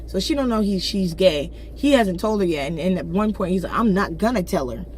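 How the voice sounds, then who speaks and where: An animated woman chatting casually as she recaps a book. She slips into the characters' lines with sudden shifts of voice, in blunt, slangy talk. A faint hiss of noise sits behind her. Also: on the low side, a little fast. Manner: slangy, blunt asides and swearing. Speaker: book reviewer. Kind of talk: casual chat, retelling a novel's plot.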